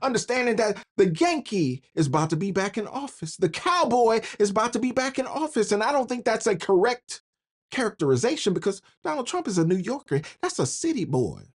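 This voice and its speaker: A woman's voice: mid-range voice, big pitch swings, brisk. A woman hosting a political commentary monologue, talking in a slangy way and laughing between phrases. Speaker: commentary channel host.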